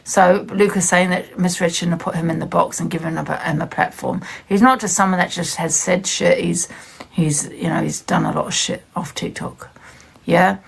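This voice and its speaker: A woman's voice: on the low side, fairly even intonation, moderate pace, gravelly, slightly rough. A woman giving blunt, emphatic commentary on a live stream, talking straight to her viewers. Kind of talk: casual ranting commentary.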